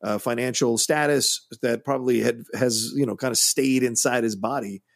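A man's voice: mid-range voice, steady tone, normal speed, gravelly, no room sound, clean studio sound. A man co-hosting a film podcast, giving opinionated, emphatic critique in casual chat. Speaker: podcast co-host.

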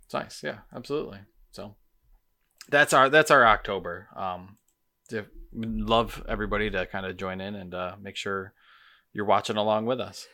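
A laid-back man co-hosts a casual podcast with a bright, forceful tone. His voice sits slightly low, and his delivery stays easygoing. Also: moderate pace. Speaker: podcast co-host.

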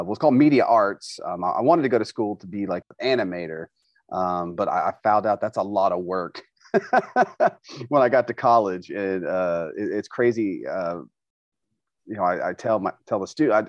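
A man's voice: sits low, normal speed, dry recording. A man from Oklahoma, a guest and teacher, talking casually in an interview with lots of fillers and restarts. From Tulsa, Oklahoma. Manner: relaxed and rambling with frequent fillers and restarts. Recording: slightly dull lo-fi audio.

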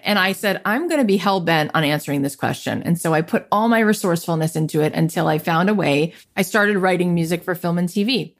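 A woman's voice: on the low side, a little fast, hardly any pauses. A woman in her thirties, a podcast guest, telling her life story in an interview and acting out what people said to her. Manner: animated, acts out quoted voices in her story.

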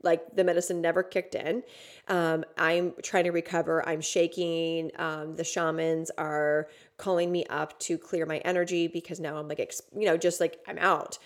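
Female podcast host, lowish voice, candid storyteller, swears and says "like" a lot. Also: level tone, normal speed. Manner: candid, swears freely, many fillers. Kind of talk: casual storytelling monologue.

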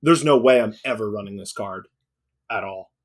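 A man's voice: on the low side, normal speed. A young man co-hosting a casual card game chat, rambling and opinionated. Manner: rambling, opinionated, frequent restarts and laughs. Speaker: card game podcast co-host.

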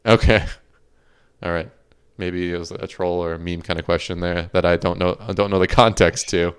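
Deep-voiced man hosting a podcast. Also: fairly even intonation, moderate pace, clean tone. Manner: chatty, laughs often, reads out viewer questions. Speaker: podcast host. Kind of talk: casual chat on a livestreamed podcast.

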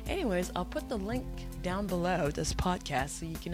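A woman's voice: lowish voice, big pitch swings, normal speed, few pauses, music in the background. A woman hosting a podcast, telling stories in a chatty, self-mocking way with playful jokes. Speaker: podcast host. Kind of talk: casual podcast chat.

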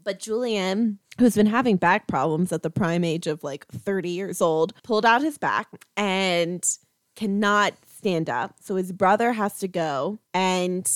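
A woman casually recapping a movie plot with a co-host, animated and laughing often as she acts out the characters' lines. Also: medium pitch, unhurried, dry recording.

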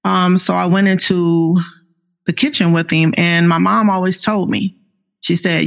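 Woman in her fifties, author guest, gravelly tone, earnest testimony. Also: lowish voice, steady tone. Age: 50s. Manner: slow, earnest, faith-filled storytelling. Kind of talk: personal testimony interview.

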